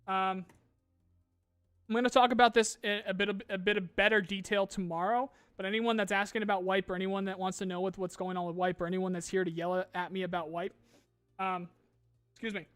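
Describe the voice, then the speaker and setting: A man's voice: high-pitched, level tone, fairly quick, fairly bright tone, clean tone, dry recording, soft background music. A young adult man hosting a gaming podcast in casual chat, ranting with lots of swearing and restarts.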